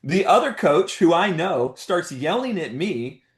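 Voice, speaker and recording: A man's voice: on the high side, big pitch swings, a little slow. A man giving a motivational talk to a business team, telling a story with urgent rhetorical questions and punchy repeated phrases. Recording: roomy echo.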